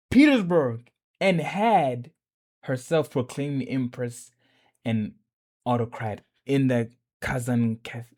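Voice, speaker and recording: A South African man hosting a reaction video, swearing freely and stumbling while reading aloud. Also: mid-range voice. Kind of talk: casual reaction commentary.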